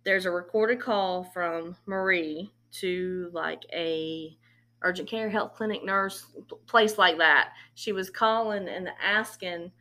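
A woman's voice: fairly low pitch, takes it slowly, sharp tone. A woman hosting a podcast, casually retelling events and slipping into quoted dialogue. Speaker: podcast host. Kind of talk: casual true-crime storytelling.

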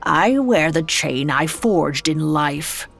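A woman voicing the grim ghost of an old businessman, weighed down by chains, speaking slowly and gravely. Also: lowish voice, expressive, faint music behind, exaggerated voice. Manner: grim, growling, slow.

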